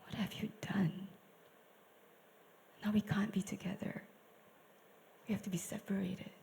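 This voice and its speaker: A woman voicing God as a tender, grieving male figure in a soft, hushed whispered role-play, slow and low. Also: lively intonation, long reverb tail, a little hiss or hum.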